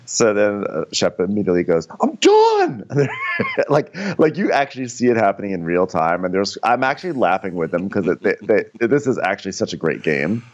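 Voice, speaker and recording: A low-voiced man recaps reality TV for laughs, his pitch leaping all over as he mimics people. The recording sounds dull and lo-fi. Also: fairly quick, hardly any pauses. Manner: animated, acts out cast members in high squealy voices. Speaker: podcast co-host.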